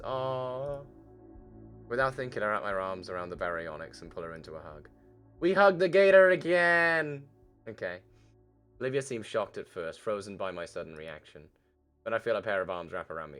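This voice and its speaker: A male game streamer with a low voice that swings widely as he reads a visual novel aloud. He keeps cutting in with his own reactions and casual swearing, and his delivery stays lively throughout. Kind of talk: reading a visual novel aloud with live commentary.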